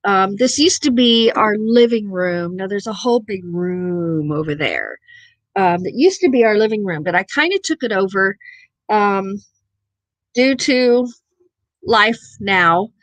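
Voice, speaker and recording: A woman hosting a casual live stream from her home office, easygoing and relaxed, with frequent ums. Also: medium pitch, measured pace, dry recording. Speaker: host of a live morning talk stream.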